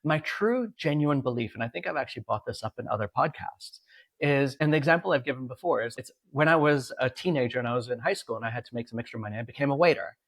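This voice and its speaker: A man's voice: medium pitch, fast, dry recording. A man co-hosting a podcast as a coach, telling stories and acting out the people in them. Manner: animated storyteller, acts out dialogue with a lifted voice. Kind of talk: casual podcast conversation.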